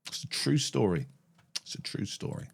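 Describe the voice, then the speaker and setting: A man's voice: on the low side, sing-song, moderate pace, gravelly, slightly rough. A man hosting a phone-in show, chatting casually with callers in a blunt, sweary, sardonic way. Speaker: phone-in host. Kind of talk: casual live-stream chat.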